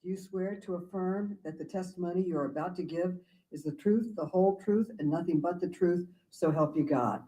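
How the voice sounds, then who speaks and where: A woman chairing a committee hearing, who swears in witnesses in a brisk, procedural way. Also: lowish voice, warm tone, low-quality recording.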